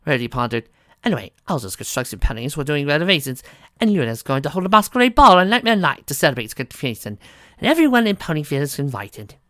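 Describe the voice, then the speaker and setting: Woman narrator, low for her sex, lively and bright, snarky commentary between passages. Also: fast talker, no echo, studio quality. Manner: sarcastic asides. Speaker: fan fiction reader. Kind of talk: dramatic reading with commentary.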